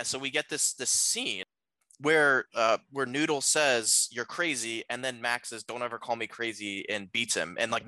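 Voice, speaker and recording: A man's voice: mid-range voice, sharp tone, dry recording, rough recording. A man co-hosting a podcast, talking casually through a film's plot with many fillers and restarts. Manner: rambling, lots of fillers and restarts. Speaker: podcast co-host. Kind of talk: casual film discussion.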